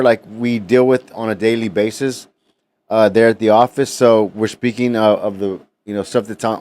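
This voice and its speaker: A man's voice: on the low side, darkish tone. A man hosting a casual podcast, rambling with many fillers and restarts. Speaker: podcast host.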